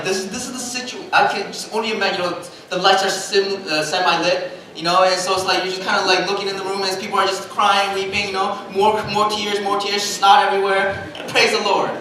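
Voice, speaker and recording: Animated pastor in an echoing hall. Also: male voice, high-pitched, fairly quick, slight background noise. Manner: animated, self-mocking storyteller who laughs at his own jokes. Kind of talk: sermon with storytelling. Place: large church sanctuary. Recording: echoey hall, mic at a distance.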